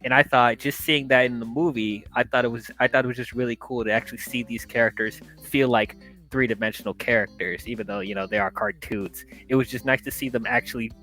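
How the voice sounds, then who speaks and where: A man giving a casual, chatty movie review, animated and loose, with plenty of fillers. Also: medium pitch, a little fast, soft background music.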